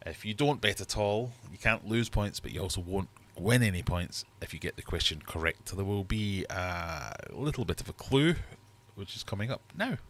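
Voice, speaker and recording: A man's voice: on the low side, expressive, moderate pace, hardly any pauses, fairly bright tone. A middle-aged man hosting a casual livestream quiz from his fish room, chatty and jokey as he reads out questions and scores. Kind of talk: casual live quiz chat.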